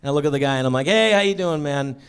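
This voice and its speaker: A man's voice: fairly high pitch, very fast, a bit bright, clear, resonant tone. A man performing a stand-up comedy set, telling a story in an awkward, sheepish way with bursts of exasperation. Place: comedy stage before a live audience.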